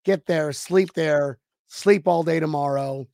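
A man co-hosting a casual sports podcast, loud and joking, swinging between shouting and mumbling. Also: on the high side, slow pace, vocal fry, no room sound. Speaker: podcast co-host.

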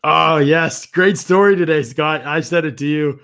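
A man co-hosting a sports podcast as a football analyst, talking casually and retelling stories with quick quoted lines. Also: fairly high pitch, a bit bright.

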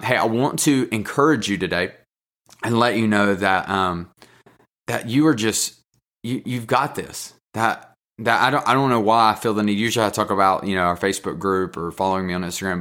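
A man's voice: on the low side, fairly bright tone. A man with a North Carolina accent hosting a podcast in casual solo talk, earnest, encouraging and openly emotional. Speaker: podcast host.

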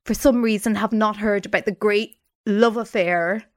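A woman's voice: medium pitch, fairly even intonation, normal speed. A woman co-hosting a podcast, asking the guest questions and rephrasing them as she goes. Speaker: podcast co-host. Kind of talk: interview questions.

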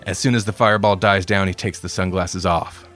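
Low-voiced guy reading out a goofy story, laid back, bit of music under it. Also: a little fast. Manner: relaxed, self-deprecating asides. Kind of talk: reading a comedic crossover story aloud.

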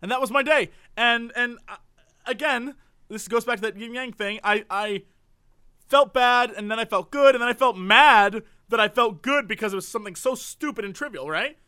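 A high-pitched man with a bright, sharp voice rattles through a comic story on a podcast. He talks fast, laughs often and mocks himself. The sound is dry and close, with almost no room in it. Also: smooth, no echo. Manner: animated, laughing, rapid-fire, self-mocking. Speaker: podcast co-host. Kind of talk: casual comedic storytelling.

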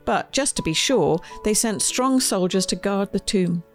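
Woman reading a storybook gently. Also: mid-range voice, lively intonation, measured pace, soft background music. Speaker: children's author reading her book.

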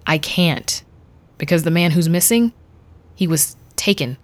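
A woman's voice: low voice, unhurried. Woman doing a jittery young male constable, Spanish accent, hesitant, audio story. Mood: nervous. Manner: nervous and hesitant.

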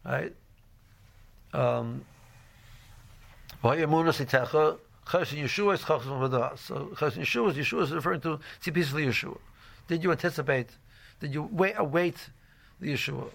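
A man's voice: fairly high pitch, normal speed, gravelly, pauses often, fairly bright tone. A man giving an informal religious lecture as a Torah class teacher, rambling with many "you know"s and restarts and mixing Hebrew and Yiddish terms into his English.

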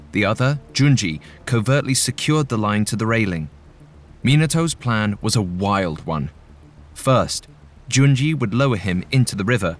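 A man reading a story as scripted narration, in a measured, steady way. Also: on the low side, a little hiss or hum.

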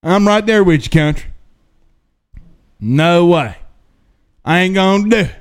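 The host of a sports talk show, a man, chats casually during a live stream and drawls his way through viewer questions. His high-pitched voice is clear and resonant, a little slow in pace, and his manner is animated and full of folksy asides.

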